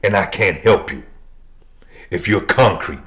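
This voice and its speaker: A man preaching a sermon who repeats key phrases and swings between shouted declarations and quiet, low lines. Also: unhurried.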